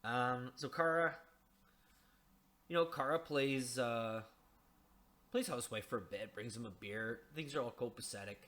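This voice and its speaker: A man's voice: mid-range voice, a little slow, pauses often, a bit bright. Man, game commentary, sarcastic, rambling, mid-range voice, lots of restarts. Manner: mocking, loose swearing. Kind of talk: casual game discussion.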